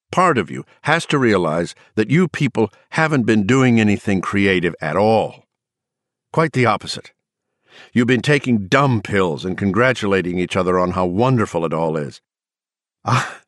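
A man plays a bitter middle-aged man in an audiobook who rants with sarcastic scorn. His low voice swings widely as he jeers. The recording is dry and close. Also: no room sound, natural voice. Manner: ranting, sarcastic. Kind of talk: audiobook character voice.

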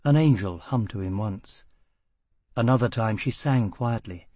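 A man narrating a novel in a measured, dramatic voice with steady pauses. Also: lowish voice, no echo. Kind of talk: audiobook narration.

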